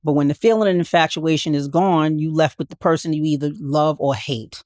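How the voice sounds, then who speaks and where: A woman with a low, deep speaking voice talks reflectively in a heartfelt interview. She often stops and restarts her phrases as she works out her thoughts. The studio sound is dry and close. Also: a little fast, a little mellow, no room sound. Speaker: guest. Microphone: podcast studio mic.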